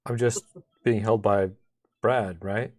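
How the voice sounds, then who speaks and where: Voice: medium pitch, fairly even intonation, slow, a little mellow. A tabletop player talking in a giggly, hesitant way. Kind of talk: casual chat.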